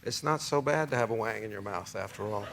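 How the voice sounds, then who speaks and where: A man's voice: fairly low pitch, quick pace, gravelly, very noisy. A man in his forties, a talk show guest, telling a long anecdote in a rambling way, with many fillers and restarts. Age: 40s.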